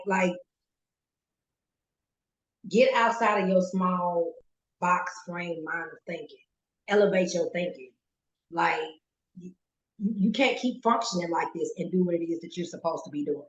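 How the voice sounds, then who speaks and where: A woman guest telling a personal story in a goofy, animated way and acting out the quotes. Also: fairly low pitch, muffled recording. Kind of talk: casual storytelling. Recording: roomy echo. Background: pet rabbit scratching cage.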